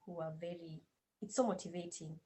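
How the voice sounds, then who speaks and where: A woman with a Kenyan accent talks in a casual interview over a video call. Her voice sits fairly low, and she speaks hesitantly with frequent fillers and restarts. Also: fairly even intonation, a little fast, warm tone, rough recording. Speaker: guest language teaching assistant.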